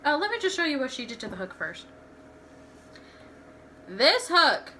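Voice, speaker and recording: A woman's voice: high voice, animated, normal speed, long pauses, bright, forceful tone, slight background noise. A young woman tells personal stories in a candid, rambling home vlog, restarting her sentences often. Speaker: vlogger. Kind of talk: casual storytelling vlog.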